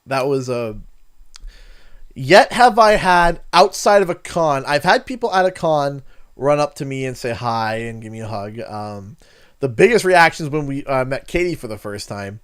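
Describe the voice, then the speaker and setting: A young man with a Canadian accent talks to his livestream audience at a middle pitch. He rambles in a friendly way, loops back on himself, and tells stories in a casual, chatty tone. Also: animated, moderate pace, a bit bright, clean tone. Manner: rambling, friendly storyteller who acts out quotes. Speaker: gaming streamer.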